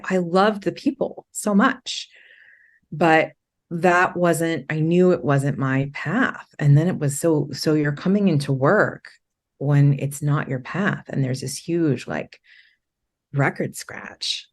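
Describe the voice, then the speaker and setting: A middle-aged woman from Maine, a podcast guest telling her story candidly, rambling with many restarts and quick laughs. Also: low voice.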